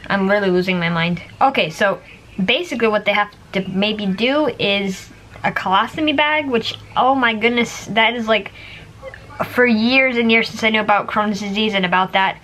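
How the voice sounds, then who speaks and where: A woman talks straight to her viewers in a loose, rambling vlog style. Her voice sits at an ordinary middle pitch, and she peppers her sentences with fillers and small laughs. A faint hum runs underneath. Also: moderate pace, a bit bright. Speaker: vlogger. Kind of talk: casual chat to camera.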